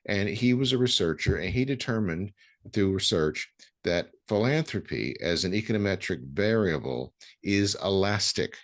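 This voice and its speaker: A man hosting an interview, talking in a halting way with many ums and restarts, then landing his points with emphasis. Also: fairly low pitch, animated. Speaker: podcast host. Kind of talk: conversational interview.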